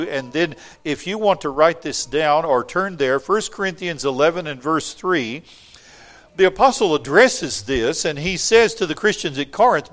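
A man's voice: a little high, expressive, a little slow, fairly bright tone. A man preaching a sermon, reading scripture aloud and explaining it with wry asides to the congregation.

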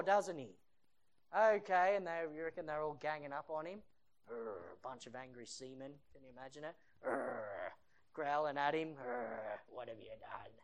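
A preacher giving a sermon in a lively storytelling style, acting out the scenes. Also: sits high. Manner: animated storytelling that acts out the scenes.

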